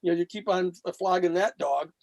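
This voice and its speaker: A man with a high, gravelly voice speaks briskly on a dry recording as a guest on a panel show. He tells long stories, animatedly acting out quoted speech in blunt, salty, profane language.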